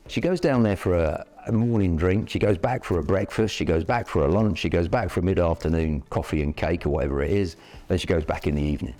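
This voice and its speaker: A man's voice: sits low, quick pace, mellow. A middle-aged man from Yorkshire with a Northern English accent, giving a blunt motivational talk full of rhetorical questions and stories. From Yorkshire, England. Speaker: property education presenter.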